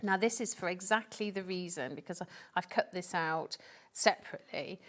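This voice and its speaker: A woman's voice: lowish voice, normal speed, a bit bright. A woman demonstrating sewing on a live shopping show, explaining step by step in a chatty way.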